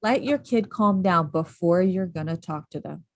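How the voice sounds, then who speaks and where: A woman coach giving parenting advice in a casual interview, quick and animated, acting out what she would say. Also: on the low side. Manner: animated, quick, acts out quoted lines. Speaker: parenting and school behavior coach.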